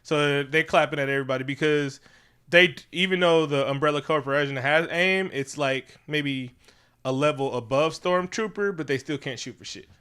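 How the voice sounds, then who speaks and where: A man co-hosting a casual podcast movie review, animated and acting out characters in exaggerated voices. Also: on the high side, normal speed, clean tone. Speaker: podcast co-host.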